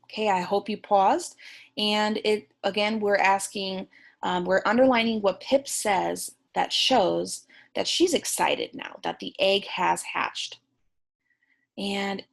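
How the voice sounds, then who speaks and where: Slow, gentle woman teacher reading aloud. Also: medium pitch, creaky. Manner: slow, gentle and encouraging, with questions to the class. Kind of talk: reading a picture book aloud to young students.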